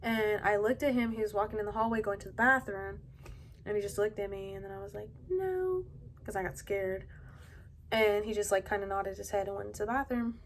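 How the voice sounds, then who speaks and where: A young adult woman at home tells a personal story in a halting, casual way, full of fillers. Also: mid-range voice, level tone, a little hiss or hum. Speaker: vlogger. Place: at home indoors.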